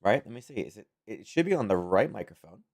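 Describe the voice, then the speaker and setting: A slightly hoarse man hosting a trading livestream from home, talking casually and thinking aloud into a close microphone. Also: fairly low pitch, big pitch swings, quick pace, a little mellow. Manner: rambling, thinking aloud, chuckling asides. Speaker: trading stream host. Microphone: close-up desk microphone.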